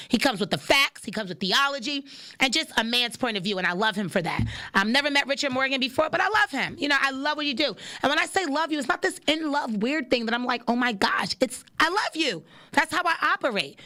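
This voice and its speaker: A young woman hosting a podcast, preaching in a casual, animated monologue and repeating lines for emphasis. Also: a little high. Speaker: podcast host.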